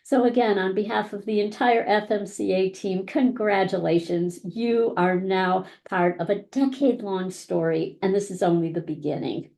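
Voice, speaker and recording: A woman's voice: medium pitch, moderate pace, creaky, few pauses, a little mellow. A woman who founded a coaching academy, giving an encouraging graduation speech on a live-stream. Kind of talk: prepared speech. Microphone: live-stream microphone.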